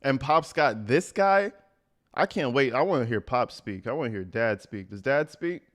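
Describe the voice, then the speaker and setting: A man talking over a clip on a live stream, mocking what he hears. His speech is blunt and crude, and his pitch sits in an ordinary middle range. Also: animated, moderate pace, fairly bright tone. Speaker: streamer reacting to a video. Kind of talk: casual live reaction commentary.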